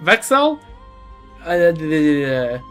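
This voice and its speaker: A man's voice: a little high, big pitch swings, slow, fairly bright tone, faint music behind. A man streaming a video game, chatting casually and joking about himself, often stammering and restarting his sentences. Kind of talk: casual gaming commentary.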